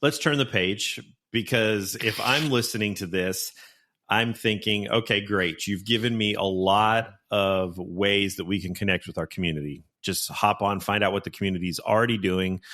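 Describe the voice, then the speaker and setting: Brief: male podcast host, very low voice, earnest and advising. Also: fairly bright tone. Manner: earnest, giving practical advice. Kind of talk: casual podcast conversation.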